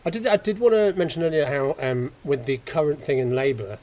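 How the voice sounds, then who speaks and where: A man's voice: fairly high pitch, a little fast, darkish tone. Chatty man explaining. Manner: chatty, explanatory, swears casually. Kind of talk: casual conversation.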